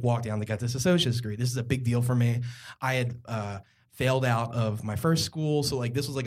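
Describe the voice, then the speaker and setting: A man's voice: medium pitch, a little mellow. A young man from Philadelphia telling a true story on stage at a live comedy podcast, rambling and self-mocking with plenty of fillers.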